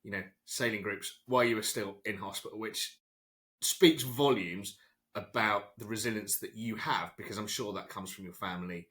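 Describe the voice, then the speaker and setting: A man's voice: lowish voice, moderate pace, a bit bright. A male podcast host asking long, sympathetic, winding questions. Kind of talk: interview questions.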